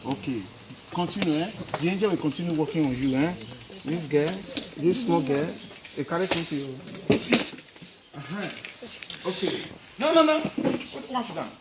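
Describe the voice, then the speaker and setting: A man's voice: on the high side, normal speed, long pauses, heavy background noise. A man preaching and questioning his congregation, repeating tag questions like "eh?" as he goes. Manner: questioning, repetitive tag questions, Nigerian Pidgin. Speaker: pastor. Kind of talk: sermon questioning children and congregants.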